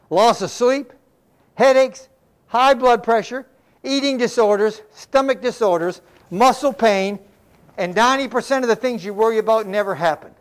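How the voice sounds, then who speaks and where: A man's voice: very high-pitched, clean tone. An older man preaching a sermon in a folksy, conversational way, mixing scripture with homespun stories. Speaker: pastor.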